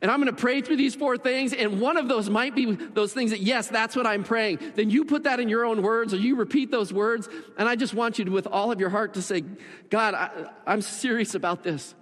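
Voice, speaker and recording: A man with a high voice leads a congregation through an earnest altar call. He prays slowly and pleadingly, and his words ring out with a long echo through a large church auditorium. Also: fairly bright tone. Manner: earnest, pleading, slows down in prayer. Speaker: pastor. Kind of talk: sermon altar call and prayer. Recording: long hall reverb.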